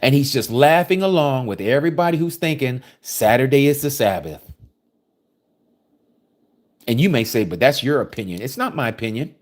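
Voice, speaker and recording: A man delivers a sermon, alternating between reading scripture and pressing his listeners with pointed questions. His voice swings widely in pitch, rising and falling with emphasis, in a mid-range register. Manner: forceful, preachy, rhetorical questions. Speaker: preacher.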